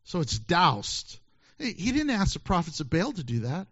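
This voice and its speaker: A pastor preaching a sermon, lively and joking, acting out quoted voices as he reads scripture. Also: on the high side, moderate pace, breathy edge, muffled recording.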